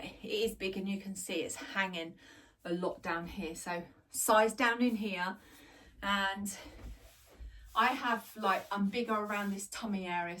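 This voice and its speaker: A woman's voice: medium pitch, fairly bright tone, distant mic. A middle-aged woman chatting through a clothes try-on haul at home, gushing, laughing and joking about herself. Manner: chatty, gushing, self-deprecating, laughs often. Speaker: fashion vlogger. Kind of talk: casual try-on haul chat. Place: home, indoors.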